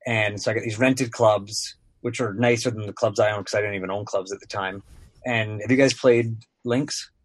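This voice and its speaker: A man's voice: lowish voice, fairly even intonation, normal speed, no room sound. A sports broadcaster guest, a man in his thirties, telling casual stories on a podcast, rambling with lots of filler words.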